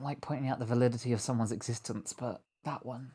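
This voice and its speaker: A man at an ordinary, middle pitch chatting through a hunting game with a friend. He rambles from joke to joke and laughs often. The talk is loose, casual stream banter. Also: fairly even intonation, fast talker, warm tone, breathy edge. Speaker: co-player on a stream.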